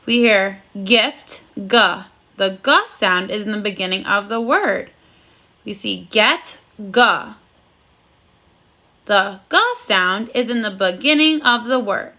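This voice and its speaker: A woman's voice: mid-range voice, unhurried, pushed and bright. A woman teaching a recorded phonics lesson to first graders, speaking in a cheerful, sing-song voice and praising the children often.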